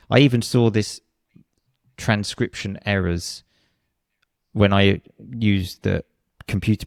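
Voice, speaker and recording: Gravelly low-voiced man teaching pronunciation. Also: no room sound, studio quality. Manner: demonstrates pronunciation by repeating words with shifted stress; frequent restarts and hesitations. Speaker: English pronunciation teacher, podcast guest. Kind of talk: explaining a course in an interview.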